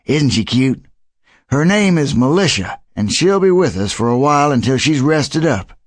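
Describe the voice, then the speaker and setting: A kind old grandpa, voiced by a male narrator talks gently and warmly to guests and pets, his voice lifting with lively ups and downs. The storybook read is dry and near the mic. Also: mid-range voice, moderate pace, dry recording, lightly acted. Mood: kindly. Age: older. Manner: gentle, welcoming. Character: kindly hospitable grandfather who keeps animals. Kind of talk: audiobook character voice.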